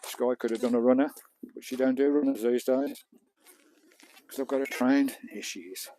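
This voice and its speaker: An Englishman chatting on a casual live stream from a beach and his camper van, his voice mellow and relaxed. He talks to viewers as he potters about, with the odd casual swear. He is recorded on a small clip-on mic. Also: mid-range voice, moderate pace, slight background noise. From England. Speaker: vlogger. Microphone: small clip-on mic, distance varying.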